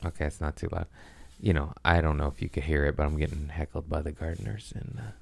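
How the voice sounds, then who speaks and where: A man's voice: extremely low pitch, fast, vocal fry, a little mellow, husky, no echo. A man hosting a casual comedy podcast, rambling in a profane, self-mocking way. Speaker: podcast host. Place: at home, gardeners working outside.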